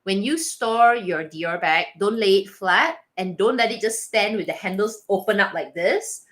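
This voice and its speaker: A woman hosting a casual live Q&A, chatting with viewers and reading their comments aloud. She is animated and laughs often, with frequent restarts. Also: mid-range voice, normal speed. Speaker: livestream host reading viewer chat.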